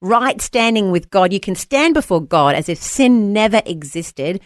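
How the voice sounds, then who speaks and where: A woman hosting a breakfast radio show, bubbly and quick to laugh. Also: no room sound, clean studio sound. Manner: bubbly, laughs often, lively pitch. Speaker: radio host.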